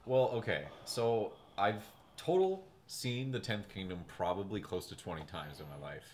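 Male podcast co-host, very low voice, chatty recapper, faint room hiss. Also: normal speed. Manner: animated storyteller, acts out quotes. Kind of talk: casual movie recap chat.

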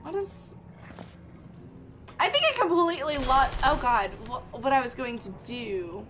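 A woman's voice: high voice, expressive, a little slow, noisy background. A young woman streaming a game live, thinking aloud in a chatty way and greeting her viewers by name. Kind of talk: live gameplay chat with viewers.

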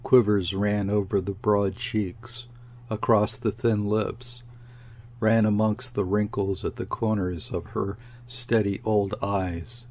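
A man narrating a classic story as an audiobook reader, in a measured, unhurried way. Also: on the low side, level tone, darkish tone. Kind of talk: scripted literary narration.

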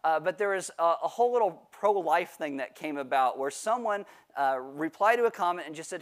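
A man's voice: high-pitched, lively intonation, brisk. A male pastor giving a sermon, telling a self-mocking personal story in a joking way. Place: church livestream.

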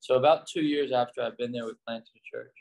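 A gravelly, mid-range voice that moves fast belongs to a U.S. pastor and one-time missionary telling stories in a casual interview. He animates them by performing quoted speech loudly.

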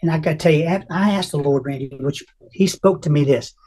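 An older man with a husky, breathy voice recounts a personal faith testimony as an interview guest. He tells it earnestly and with deep emotion, acting out the lines he quotes. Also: fairly quick, mellow. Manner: emotional, earnest storyteller who acts out quotes.

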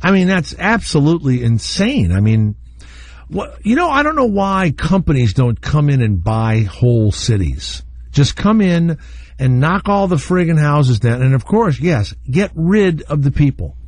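A man hosting a radio talk show, blunt and opinionated as he rambles along. His voice is slightly husky and very lively in pitch. The recording is close and dry. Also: unhurried, no echo.

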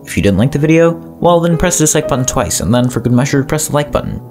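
A man reads a scripted history explainer in a lively, swooping voice. He keeps stepping out of the story with wry asides to the viewer. Faint music plays softly underneath. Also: medium pitch, fast talker. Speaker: narrator of a history explainer channel. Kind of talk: scripted narration.

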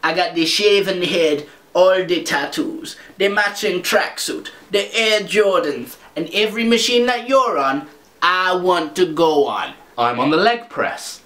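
A man's voice: sits high, a little slow, fairly bright tone, echoey room. A man voicing an aggressive, shaven-headed male gym bully who talks in a blunt, mocking way. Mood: taunting.

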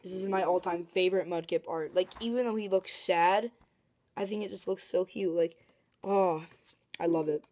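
A woman vlogger chatting casually as she opens card packs, excitable and talkative, breaking into excited shrieks. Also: fairly low pitch, normal speed. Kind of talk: casual commentary while opening card packs.

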